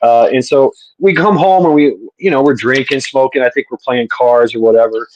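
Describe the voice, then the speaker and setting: A man's voice: medium pitch, a little fast, a little mellow, muffled recording, a little hiss or hum. A man from the southern US telling a rambling, laughing story in a casual online chat. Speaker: panel host.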